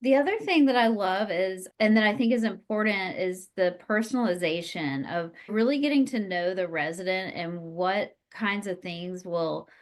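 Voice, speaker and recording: A woman's voice: mid-range voice, normal speed, few pauses. A woman hosting an interview who talks in an enthusiastic, affirming way. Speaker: interview host. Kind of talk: conversational interview.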